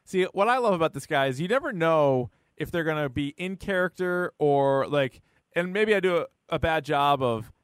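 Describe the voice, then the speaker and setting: Self-mocking podcast host, slightly high voice, dry sound. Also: male voice, expressive, normal speed, clear, resonant tone, no room sound. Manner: self-deprecating, rambling. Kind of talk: casual podcast chat.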